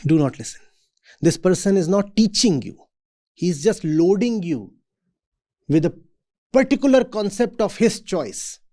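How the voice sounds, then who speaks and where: A man lecturing students in a measured, emphatic way and often asking rhetorical questions. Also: high-pitched, animated, mellow. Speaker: spiritual teacher. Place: university event hall.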